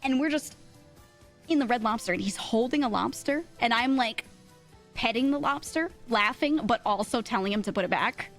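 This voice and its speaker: A young woman spins a casual story for her stream, her voice sitting a little high and swooping up and down constantly. She talks in an animated way, breaking into laughter often and padding her sentences with fillers. Soft music plays underneath. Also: moderate pace.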